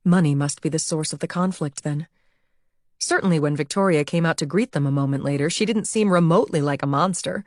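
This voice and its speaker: A woman narrating an audiobook with even, measured storytelling. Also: low-pitched, no room sound, clean studio sound. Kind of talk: scripted narration.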